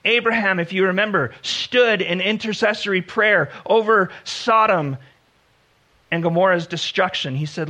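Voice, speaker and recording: A man preaching a sermon in an earnest style, slowing down to stress key words. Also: high voice, pushed and bright. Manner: earnest preaching, slows for emphasis, acts out biblical dialogue. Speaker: pastor.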